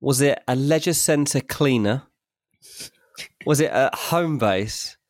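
A man's voice: medium pitch, slow pace, no echo, clean studio sound. A young British man co-hosting a podcast, telling self-mocking stories in a chatty, matey way. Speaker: podcast co-host. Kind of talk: casual chat.

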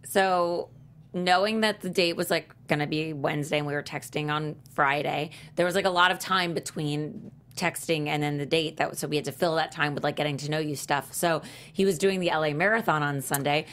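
A woman co-hosting a podcast, chatting casually and telling an animated dating story. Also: low-pitched, fairly quick. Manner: animated storyteller, acts out texts in quotes. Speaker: podcast co-host.

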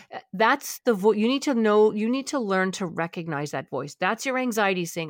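A woman's voice: mid-range voice, lively intonation, fairly quick, hardly any pauses, no room sound, clean studio sound. Woman eagerly explaining brain science. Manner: explains eagerly, acts out inner voices. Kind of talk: explanatory conversation.

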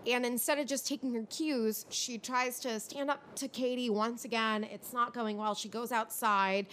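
A woman's voice: on the high side, steady tone, normal speed, a bit bright, slight background noise. A young woman hosting a podcast, ranting through a casual, frustrated recap of a reality show. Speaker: podcast host.

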